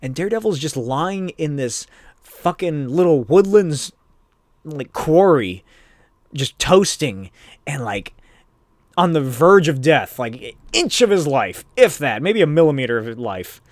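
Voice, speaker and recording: A man's voice: on the high side, sing-song, measured pace, no echo, clean studio sound. A man hosting a podcast, recapping a comic in a rambling, profane, chatty way. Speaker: podcast host.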